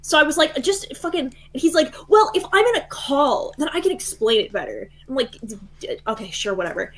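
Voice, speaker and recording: A woman's voice: sits high, sing-song, brisk. A woman on a voice call telling a story in a casual, heated way, swearing a lot and laughing as she goes. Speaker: guest caller.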